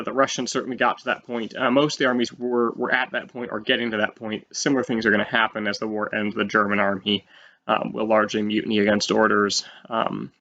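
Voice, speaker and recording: A man teaching a history lesson in a casual, animated way, often saying "um" and acting out quotes. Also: on the low side, vocal fry. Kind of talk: explaining a history lecture. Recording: slightly dull lo-fi audio.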